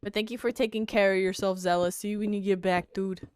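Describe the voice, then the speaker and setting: A woman's voice: medium pitch, fairly even intonation, quick pace, a little mellow, a little hiss or hum. A young woman streamer chatting casually with her viewers while gaming, reading their messages aloud and swearing freely.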